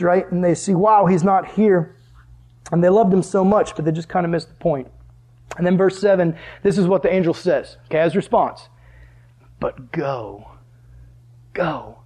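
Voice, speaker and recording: A man preaching a sermon to a live audience in church, animated and often asking the crowd questions. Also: a little high. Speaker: pastor.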